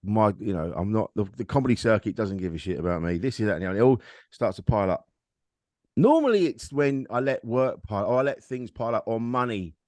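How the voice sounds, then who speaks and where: A man's voice: on the low side, expressive, fast talker, darkish tone, no echo. A man, a comedian guest on a podcast, telling a personal story in a frank, rambling, self-deprecating way. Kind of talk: candid conversational storytelling.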